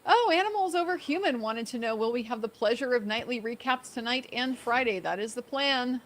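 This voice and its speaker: A woman hosting her own livestream, relaxed and chatty as she reads and answers viewer questions. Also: fairly high pitch, fairly quick. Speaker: co-streamer, livestream host. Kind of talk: casual livestream chat.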